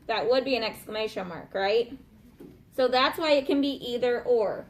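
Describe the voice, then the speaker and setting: A woman's voice: on the high side, moderate pace. A woman teaching a grammar lesson to a class in a classroom, patient, checking understanding with frequent questions to the students. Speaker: elementary school teacher.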